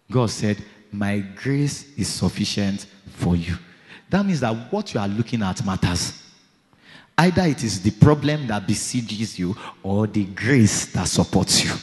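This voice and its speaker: Male pastor, sermon, emphatic preaching, loud declarations and hushed stories, long hall reverb. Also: mid-range voice.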